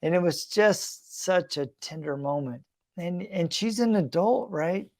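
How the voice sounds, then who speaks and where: A man's voice: high voice, unhurried, no room sound, clean studio sound. Earnest man telling a story. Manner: earnest, reflective, conversational with fillers. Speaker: podcast host. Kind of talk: personal storytelling monologue.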